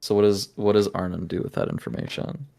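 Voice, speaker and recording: A man narrating a tabletop game as game master, halting and searching for words with many fillers. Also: on the low side, flat delivery, vocal fry, mellow.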